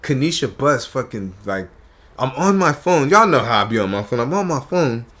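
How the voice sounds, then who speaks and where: Animated man telling stories in a studio. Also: mid-range voice, moderate pace. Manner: animated storyteller acting out quotes. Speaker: podcast guest, comedian. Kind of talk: casual storytelling chat. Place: podcast studio.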